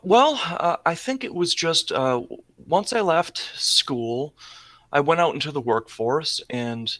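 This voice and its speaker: A man's voice: on the high side, lively intonation, slow pace, a bit bright, no echo. A man speaking as a podcast guest, earnest and hesitant, often restarting his sentences. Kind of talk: casual conversation.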